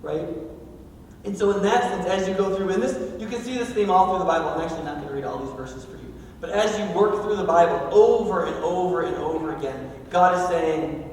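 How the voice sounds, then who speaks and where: A man's voice: high voice, a little fast, darkish tone, slight background noise. A man preaching a sermon as pastor of a church, in a casual, joking, conversational way. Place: church sanctuary. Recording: echoey hall from far off.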